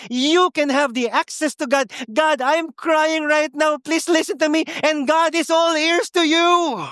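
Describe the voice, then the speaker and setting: A man, preaching a sermon at a church service in a lively way that mixes English and Tagalog. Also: very high voice, dry recording, studio quality. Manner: animated, switching between English and Tagalog, laughs often. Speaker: pastor.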